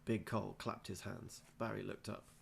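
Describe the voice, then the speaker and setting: A male teacher reads a children's storybook aloud at an easy pace. His voice sits low, with a gravelly rasp. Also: steady tone, normal speed.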